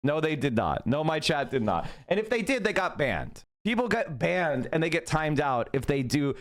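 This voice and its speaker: A man's voice: fairly high pitch, very animated, normal speed. A middle-aged man hosting a livestream and ranting indignantly at his chat. He repeats himself and swears often. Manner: indignant, repetitive, profane. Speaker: livestream host. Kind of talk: heated livestream rant to chat.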